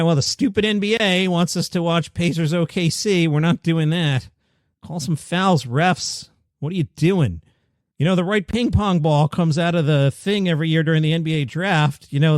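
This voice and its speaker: A man's voice: fairly high pitch, dry recording, clean studio sound. A middle-aged man from Queens, hosting a comedy news show with wry, self-deprecating asides. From Queens, New York. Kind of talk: solo comedy news commentary.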